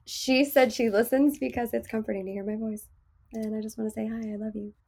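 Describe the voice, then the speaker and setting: A woman in her thirties hosting a podcast, with a soft, soothing voice, chatting frankly and laughing often. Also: a little high, steady tone, fairly quick, gravelly, slightly rough. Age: 30s. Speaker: podcast host. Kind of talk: casual podcast chat.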